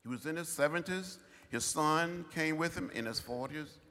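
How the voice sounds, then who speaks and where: An older man giving a commencement address in measured, rhythmic oratory with long pauses. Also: on the high side, bright, forceful tone, big-room sound. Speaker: commencement speaker. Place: large outdoor ceremony.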